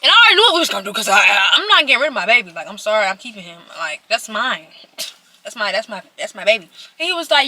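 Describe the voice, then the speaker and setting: A woman's voice: a little high, sing-song, fast, pushed and bright, slight background noise. An eighteen-year-old woman telling a personal story to her viewers while eating, in a chatty way that speaks straight to them. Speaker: vlogger.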